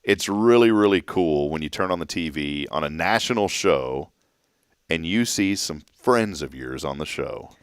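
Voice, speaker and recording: A man's voice: deep voice, normal speed, clear, resonant tone, no echo, clean studio sound. A man hosting a morning show, chatting casually and joking as he reads listener comments. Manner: jokey, animated, laughs while reading listener comments. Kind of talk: casual chat.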